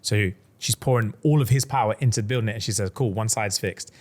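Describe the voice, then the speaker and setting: A young man co-hosting a podcast retells a book's plot in casual chat, speaking fairly quickly in a lowish voice. He's an animated storyteller who acts out the characters' lines in a raised voice.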